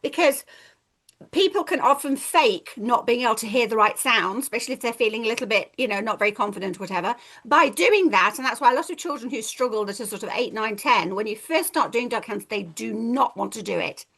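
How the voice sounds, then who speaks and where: A woman's voice: fairly high pitch, animated, a little fast, fairly bright tone. A woman, a reading teacher, giving a chatty, playful training talk and acting out children's voices. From England.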